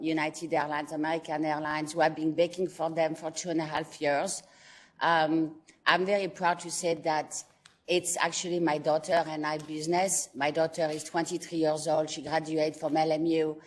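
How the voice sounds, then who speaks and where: A woman from France with a French accent, giving earnest testimony at a board meeting as a company founder, her English halting and full of fillers. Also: sits low.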